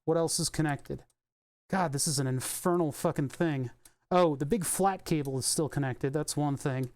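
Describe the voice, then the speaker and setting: A man's voice: on the high side, moderate pace, a little mellow. A young man thinking aloud and swearing casually while he streams a car electronics repair. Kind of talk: casual live-stream commentary.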